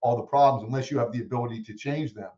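A man's voice: medium pitch, rapid-fire. Guy telling stories on a podcast, acts out the voices, sounds kinda roomy and dull. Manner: animated storyteller who acts out quoted voices. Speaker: guest speaker. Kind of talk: storytelling in a podcast interview.

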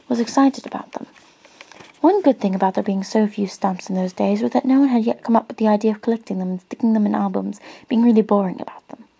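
A woman gently reading a storybook aloud in a soft-spoken ASMR style, dropping into whispers at times. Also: mid-range voice, vocal fry, slightly rough, rough recording. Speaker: ASMR reader.

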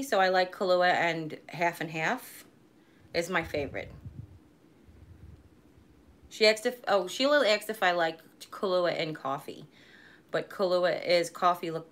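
Woman, 40s, lower voice, rambling live-stream host who laughs easily. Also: a bit bright. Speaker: vlogger hosting a live stream. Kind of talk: casual live-stream chat.

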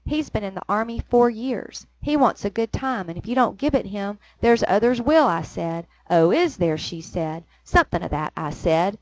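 A woman's voice: mid-range voice, lively intonation, normal speed, hardly any pauses, darkish tone, close to an everyday voice, low-quality recording. A woman voicing a gossiping Cockney woman in a pub, chattily retelling a quarrel with "I said" and "she said.". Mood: gossipy.

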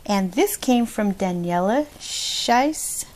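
A woman's voice: mid-range voice, lively intonation, takes it slowly, a little mellow. A middle-aged woman chatting casually in a craft vlog, bubbly and gushing, laughing often. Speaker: craft vlogger. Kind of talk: casual chat.

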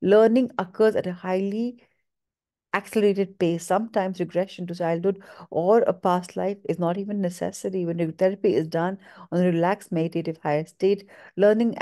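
Woman reader, low warm voice, measured steady read-aloud pace. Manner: measured, steady reading with small stumbles. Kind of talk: reading a book aloud.

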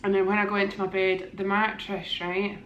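A woman's voice: medium pitch, little pitch movement, a little fast, fairly bright tone, muffled recording, a little hiss or hum. A woman with a Scottish accent, chatting enthusiastically to a handheld camera in a hotel room. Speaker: vlogger. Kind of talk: casual vlog chat. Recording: echoey room.

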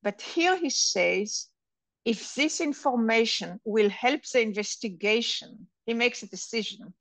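A woman's voice: a little high, expressive, a little slow, fairly bright tone, dry recording. A woman in a book club discussion, thoughtfully explaining a character's choices.

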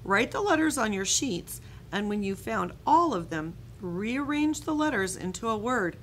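A woman voicing a loud, bubbly female camp leader in a storybook reading. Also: mid-range voice, big pitch swings, measured pace, a little hiss or hum. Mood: instructing. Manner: shouty, bubbly.

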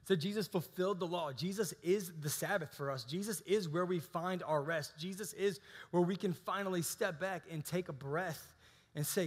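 A man's voice: a little high, normal speed, husky, long reverb tail. A man in his thirties preaching a casual, conversational sermon, often restarting his sentences. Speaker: pastor. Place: church hall.

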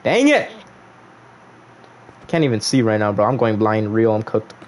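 A young man livestreaming a game, in casual commentary full of slang and banter, swinging from loud teasing outbursts to mock-solemn murmurs. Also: lowish voice, steady tone, brisk, slight background noise. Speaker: gaming livestreamer.

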